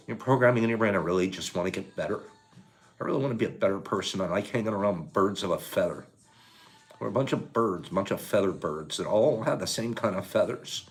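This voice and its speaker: An older man hosting a morning livestream, talking softly and tearfully about gratitude, then turning loud and excited as he greets viewers. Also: on the low side, quick pace, faint music behind. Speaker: livestream host. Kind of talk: emotional morning livestream chat.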